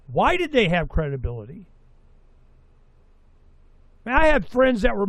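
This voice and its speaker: A man's voice: high voice, big pitch swings, normal speed, long pauses, dry recording. A middle-aged man hosting a talk show, rambling and sarcastic in a casual monologue, slipping into mocking voices for quotes.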